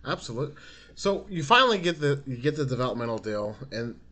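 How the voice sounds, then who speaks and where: Bright, lively-voiced male host. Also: mid-range voice, fast talker. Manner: enthusiastic, laughs often. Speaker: podcast host. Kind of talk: casual interview chat.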